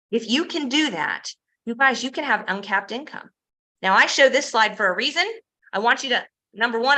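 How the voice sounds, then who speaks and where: A woman giving an energetic sales presentation, telling success stories, asking the audience rhetorical questions and acting out quoted dialogue. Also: fairly high pitch, poor audio. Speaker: presenter pitching a home business.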